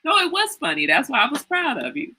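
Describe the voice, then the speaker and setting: Bright-voiced, animated woman storyteller. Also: high-pitched, fairly quick, rough recording. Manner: animated storyteller, laughs often, teasing. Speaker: livestream host. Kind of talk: casual livestream chat.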